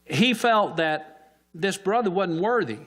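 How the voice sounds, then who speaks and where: A man's voice: sits high, expressive, slow, a bit bright. A man preaching a sermon in church, asking the congregation questions and answering them himself.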